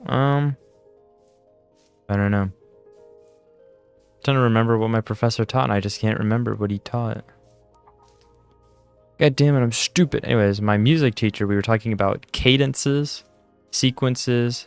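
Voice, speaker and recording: In a smooth, lowish voice, a young gaming channel host gives laid-back commentary on his game. He's tired and yawning, wandering off on tangents and joking at his own expense.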